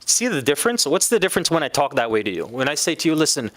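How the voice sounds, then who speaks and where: A man teaching a class in a lively lecture, often putting questions to his students. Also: on the high side, fast talker, dry recording. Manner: animated, asks the class questions.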